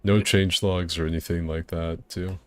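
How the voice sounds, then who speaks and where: Chatting casually over a co-op game stream with his friends, this man is laid-back, curses without restraint and laughs often. He has a deep voice with a level tone and a moderate pace.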